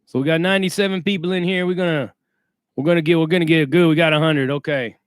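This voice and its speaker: This is a livestream host whose voice sits on the high side, steady in tone and quick in pace, clear and resonant. He uses streetwise slang in a casual stream and reads viewers' chat names aloud to greet them. No room sound; clean studio audio.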